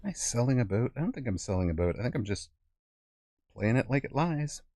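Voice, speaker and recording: A man's voice: medium pitch, very animated, a little fast, dark tone, no echo. A middle-aged man streaming a strategy game, chatting playfully, thinking aloud about his moves and laughing often. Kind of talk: casual game commentary.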